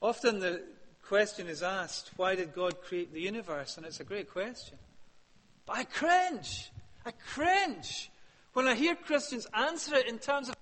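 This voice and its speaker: A man preaching a sermon, emphatic, rising to loud peaks and dropping to hushed questions. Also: high-pitched, expressive, unhurried. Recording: long hall reverb.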